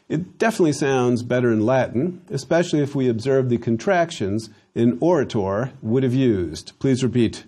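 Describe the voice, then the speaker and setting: A man teaching a Latin lesson, slowly drilling phrases for students to repeat, with dry humor. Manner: dry humor, slow emphatic drills with lively pitch. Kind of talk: recorded language lesson.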